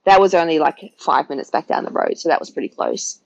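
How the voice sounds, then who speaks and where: A woman's voice: low-pitched, a little fast, gravelly, lo-fi sound, slight background noise. A woman, a podcast guest chatting through her birth story and acting out her own past words. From Australia.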